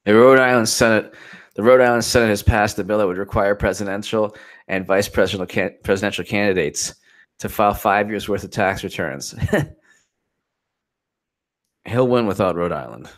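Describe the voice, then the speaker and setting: Guy ranting about the news, kinda low voice, sarcastic and fed up. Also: normal speed, long pauses. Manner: sarcastic, incredulous, exasperated. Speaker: political commentary host. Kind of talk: off-the-cuff political commentary.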